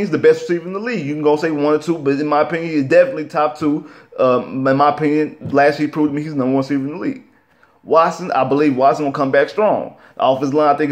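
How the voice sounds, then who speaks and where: A young man vlogging his football opinions, frustrated and animated, repeating himself and talking in casual slang. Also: fairly high pitch. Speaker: sports vlogger. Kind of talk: casual sports opinion rant.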